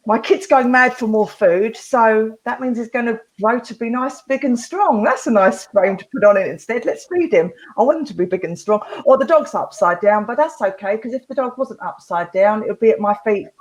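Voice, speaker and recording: A woman's voice: on the high side, normal speed, hardly any pauses, poor audio. A woman hosting a live therapy talk, rambling casually through a story and laughing often. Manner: chatty, laughs often, animated.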